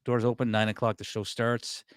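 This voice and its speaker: A man with a smooth, clear voice, recorded dry and close. He moderates a mock debate in a laid-back, easygoing way, calling time and verdicts. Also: medium pitch, little pitch movement, normal speed, dry recording. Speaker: podcast host, debate moderator. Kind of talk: casual comedy podcast hosting.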